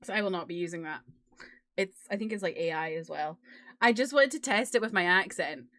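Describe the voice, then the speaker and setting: Speaking fairly fast in a lowish, sharp-toned voice, a British woman who drops her T's chats casually on stream and giggles between games. Her desk mic gives a dry, clean studio sound with faint music behind.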